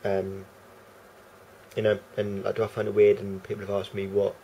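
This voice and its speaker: A man's voice: on the low side, monotone, moderate pace, creaky, mellow, slight background noise, low-quality recording. A man with a London accent rambling unscripted to camera, hesitant and full of fillers. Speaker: vlogger. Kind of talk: casual unscripted monologue to camera.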